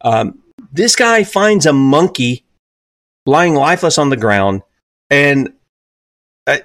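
A man's voice: a little high, very animated, slow, a bit bright, dry recording, clean studio sound. A man in his fifties with a Southern US accent hosting an opinionated talk radio show, asking rhetorical questions and pushing his voice up on key points. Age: 50s.

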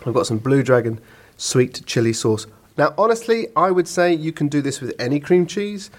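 A man's voice: a little high, expressive, normal speed. A man on a podcast, telling rambling stories in casual chat and often laughing. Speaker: podcast co-host.

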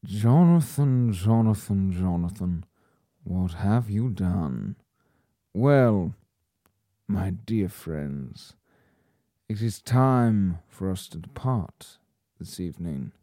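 A man putting on the voice of a suave older British hotel manager from a film, in slow, drawn-out, theatrical speech. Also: low voice, expressive, dark tone, dry recording, clean studio sound. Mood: grandly solemn.

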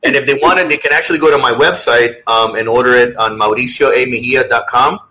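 A man's voice: medium pitch, fast talker, bright, forceful tone, poor audio. A man talking as a guest author in a casual interview, earnest and rambling, with many restarts.

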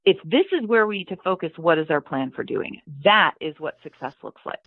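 Vrouw via een blikkerige telefoonlijn. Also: female voice, lowish voice, animated, brisk, no room sound. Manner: articulate, explains in steps, acts out quoted dialogue. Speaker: guest, data analytics leader. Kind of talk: conversational interview answers. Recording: dry, tinny phone-like line.

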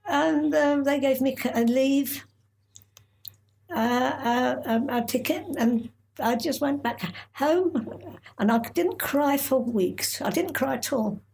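An older woman recounts her memories in a halting, stop-start way, often breaking off and starting again. Her voice sits a little high for a woman and has a gravelly, creaky edge. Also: a little mellow. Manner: halting, with many restarts and pauses. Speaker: interviewee. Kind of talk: oral history recollection.

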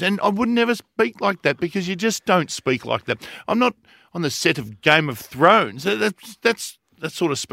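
Gravelly, bright-voiced podcast host. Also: male voice, high voice, sing-song, moderate pace, no echo, studio quality. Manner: defensive, swearing, repeating himself for emphasis. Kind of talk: casual podcast banter.

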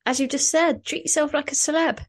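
In a clean studio with no echo, a young woman co-hosting a podcast chats in a relaxed, teasing way and laughs quickly. Her voice is high-pitched, with fairly even intonation.

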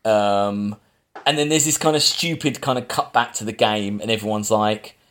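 A man's voice: on the low side, moderate pace, a bit bright. A man, a podcast host casually recapping a film plot, rambling with fillers and restarts. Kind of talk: casual film review chat.

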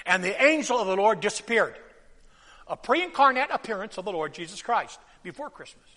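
A male pastor preaching in a church sanctuary, his very high, bright voice ringing with a long hall reverb. He swings between loud bursts and hushed, quiet lines. He has the congregation repeat key phrases after him. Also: lively intonation, fairly quick. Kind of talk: sermon.

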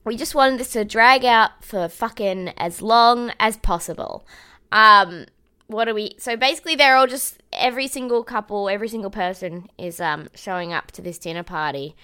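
A woman's voice: medium pitch, lively intonation, moderate pace, sharp tone, clean tone. A young woman co-hosting a casual recap podcast, rambling with fillers, swearing freely and breaking into laughter. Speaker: podcast co-host.

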